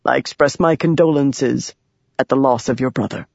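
A narrator voicing a proud, scheming male high prince in an audiobook, speaking smoothly and formally with false sorrow. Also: moderate pace, darkish tone, dry recording. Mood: grave. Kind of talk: audiobook character voice. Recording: dry, dull lo-fi sound.

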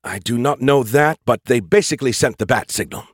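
A man's voice: mid-range voice, brisk, husky, dry recording, studio quality, pitched above the performer's own voice, lightly acted. A man voicing an arrogant, snarky male AI hologram in an audiobook, talking in urgent, clipped, formal sentences.

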